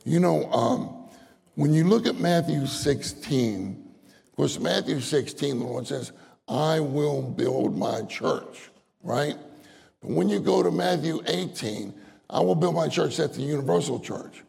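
A man's voice: fairly high pitch, expressive, a little slow, vocal fry, a little mellow, slightly rough. A man preaching a sermon, citing verses and repeating phrases, rising into earnest, pleading prayer. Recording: long hall reverb.

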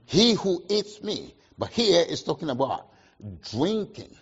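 A man preaching a sermon, asking the congregation questions and answering them, with sharp swings between loud emphasis and quiet asides. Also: high voice, big pitch swings, unhurried, breathy edge, dull audio. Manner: call-and-response questions, emphatic swings in loudness.

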